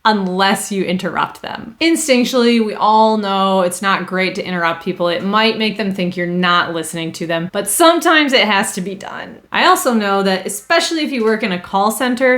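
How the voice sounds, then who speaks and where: A woman's voice: mid-range voice, fairly bright tone. A woman training customer service staff, upbeat and emphatic, acting out sample phone greetings. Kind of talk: instructional talk to camera.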